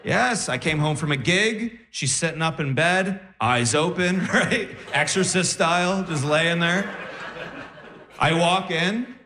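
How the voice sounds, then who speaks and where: A man's voice: on the high side, expressive, slow, pushed and bright. A man performing a stand-up comedy routine, telling a story with acted-out voices. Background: audience laughter.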